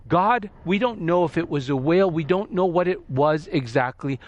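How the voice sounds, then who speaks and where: A man preaching a sermon, reading scripture aloud and explaining it, lifting his voice for quoted lines. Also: on the high side.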